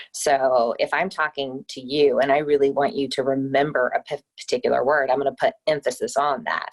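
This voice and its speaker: A woman speaking as a podcast guest and speech coach, explaining with upbeat, emphatic delivery on a remote call. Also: a bass voice. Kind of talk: casual interview chat.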